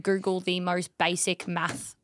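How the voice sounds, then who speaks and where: A young woman co-hosting a podcast, chatting casually with quick reactions. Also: on the low side, little pitch movement. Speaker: podcast co-host. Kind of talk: casual chat.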